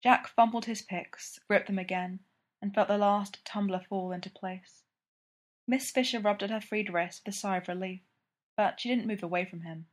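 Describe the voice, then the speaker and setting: A woman reading a story aloud with calm, even narration. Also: medium pitch, normal speed. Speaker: audiobook reader.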